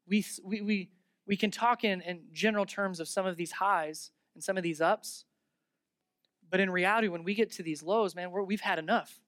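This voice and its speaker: Animated pastor preaching a sermon. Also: medium pitch, normal speed, no echo, clean studio sound. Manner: animated, emphatic teaching with rhetorical questions.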